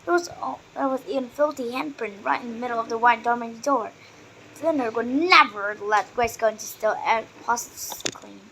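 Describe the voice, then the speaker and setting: A woman reading a children's book aloud, steady with small slips and restarts. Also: on the high side, normal speed, a little hiss or hum, rough recording. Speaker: reader.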